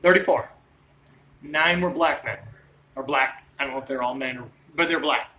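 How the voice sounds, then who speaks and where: A man's voice: mid-range voice, moderate pace, sharp tone, slight background noise, poor audio. Worked-up rambling man in his late thirties. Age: late 30s. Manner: worked up, rambling, jumps between points. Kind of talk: ranting monologue.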